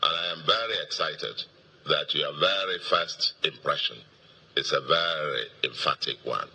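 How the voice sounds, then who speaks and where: A middle-aged Nigerian man, a governor, giving an emphatic victory speech to supporters, repeating key words and pausing with fillers. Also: a bass voice, vocal fry, sharp tone, husky. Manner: emphatic, repetitive oratory with pauses and fillers. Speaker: state governor.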